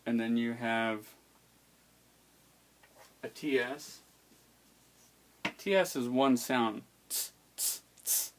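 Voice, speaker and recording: A man's voice: medium pitch, fairly even intonation, drawn-out words, long pauses, a little hiss or hum. A man teaching how to pronounce the letters of an alphabet, patiently demonstrating each sound aloud. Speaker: language teacher. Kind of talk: explaining an alphabet's pronunciation.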